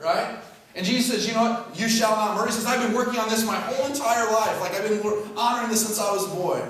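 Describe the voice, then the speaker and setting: A man's voice: sits high, recorded from a distance, a little hiss or hum. A male pastor preaching a sermon in a conversational way, full of rhetorical questions. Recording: very echoey hall, heard from afar.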